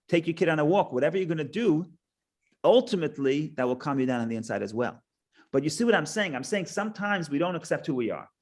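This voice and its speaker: A middle-aged man teaching a Torah class in a casual, conversational way, restarting phrases and telling a joke. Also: fairly high pitch. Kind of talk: casual lecture with stories and a joke.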